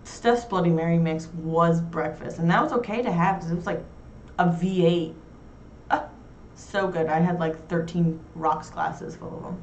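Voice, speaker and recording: A young woman from New York hosts a casual chat show, talking with blunt, crude, self-mocking humor. Her voice sits a little low and comes from some way off the mic. The room gives it a roomy echo, with a faint hiss underneath. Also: fairly even intonation, moderate pace, lo-fi sound. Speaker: talk show host. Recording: roomy echo, heard from far off.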